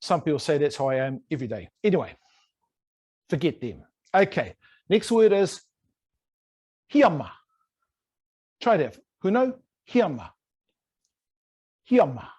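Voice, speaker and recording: Brief: a male New language teacher, playful and a touch high-voiced, drilling words over a video call. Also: big pitch swings, measured pace, pauses often, a little mellow, slightly rough. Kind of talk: online language lesson.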